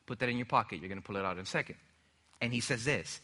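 Bright-voiced young male preacher. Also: mid-range voice, expressive, fairly quick. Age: young adult. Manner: emphatic, with call-and-response questions to the congregation. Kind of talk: sermon.

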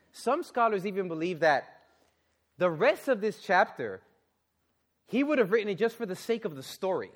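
Animated preacher man, fairly high voice. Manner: animated, exclaiming and asking the audience questions; drops to a low, quiet, earnest tone for serious points. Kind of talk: sermon with Bible reading.

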